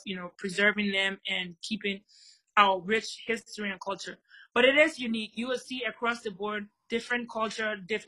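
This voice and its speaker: A woman from Liberia, a guest in an interview, explaining her culture in lively conversation with plenty of examples. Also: medium pitch, rough recording. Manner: animated storyteller, explains with examples.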